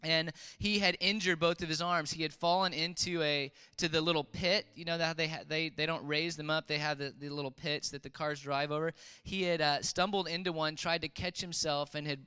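A man preaching, retelling a story with halting restarts and fillers, as in a sermon. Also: fairly high pitch, pushed and bright, clear, resonant tone. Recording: long reverb of a large hall.

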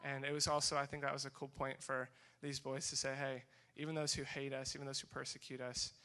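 Bright-voiced young man telling a story. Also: mid-range voice, brisk. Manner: animated storytelling with acted-out dialogue. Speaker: speaker sharing a mission trip story. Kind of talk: testimony talk to a group.

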